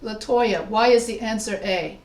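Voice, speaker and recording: A woman with a mid-range voice teaches grammar to an online class, and the sound is roomy. She works as a writing instructor, explaining step by step with examples and questioning students.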